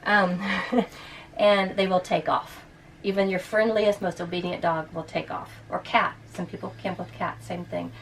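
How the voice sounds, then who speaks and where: A woman's voice: fairly low pitch, fairly even intonation, unhurried. Chatty woman showing her motorhome. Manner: chatty, explaining with demonstrations. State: out of breath. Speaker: RV vlogger. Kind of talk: casual walkthrough of a motorhome. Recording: distant mic, faint ambient noise.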